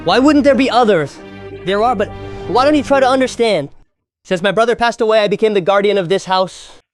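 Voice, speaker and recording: An actor playing the elder brother who heads a rural family, arguing and scolding in a family drama. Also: male voice, sits high, a little fast, soft background music, close to an everyday voice. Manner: scolding, argumentative. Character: stern man heading a rural family household. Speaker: elder brother and head of the household. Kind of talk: village family drama acting.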